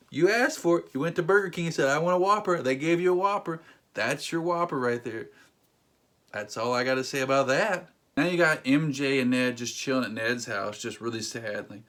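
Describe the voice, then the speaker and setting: A man ranting sarcastically in a casual movie review, acting out quotes in mocking voices. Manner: animated, emphatic with sudden jumps in pitch.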